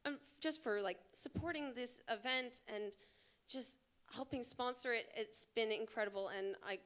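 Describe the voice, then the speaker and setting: A woman speaks from a theatre stage into a handheld microphone. Her voice is bright and pitched a little high. She gushes her thanks to the crowd, repeating her praise again and again. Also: moderate pace. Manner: effusive and gushing, repeats words like incredible. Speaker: show director and producer. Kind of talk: live onstage thank-you speech. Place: theatre stage before a live audience.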